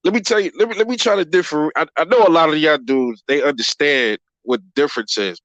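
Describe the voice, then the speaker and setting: A man's voice: on the high side, fairly bright tone, no echo, dull audio. A man hosting a boxing channel livestream, reading viewer comments in a profane, rambling way and calling everyone bro. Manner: profane, rambling, quick to laugh.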